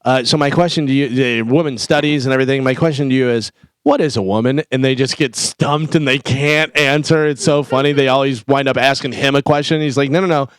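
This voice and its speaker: A man chatting on a morning radio show, retelling what he watched and slipping into quoted voices. His voice is smooth and resonant at an average pitch. The studio sound is dry and close. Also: brisk, few pauses, no echo. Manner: animated storyteller acting out quotes. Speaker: radio co-host. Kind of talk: casual radio banter. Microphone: studio mic.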